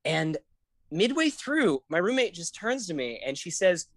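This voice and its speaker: A woman co-hosting a podcast in casual chat, gushing and excitable, often laughing and swearing. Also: fairly low pitch, unhurried, no room sound, clean studio sound. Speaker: podcast co-host.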